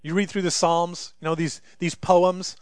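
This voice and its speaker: A man preaching a sermon as pastor, acting out scripture voices with rising intensity and then dropping quiet. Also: high voice, measured pace, no echo. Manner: animated, dramatizes scripture voices, rising loudly for emphasis.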